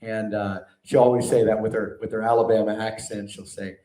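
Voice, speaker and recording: A man preaching a sermon to a live audience, animated and conversational, often asking the room questions. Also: on the low side, fairly quick. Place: large hall before a live audience. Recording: echoey hall, mic at a distance.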